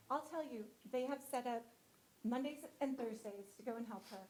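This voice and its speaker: A woman's voice: fairly high pitch, moderate pace, a little hiss or hum, low-quality recording. A woman school guidance counselor presenting at a board meeting, emotional and close to tears. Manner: emotional, gets choked up. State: teary.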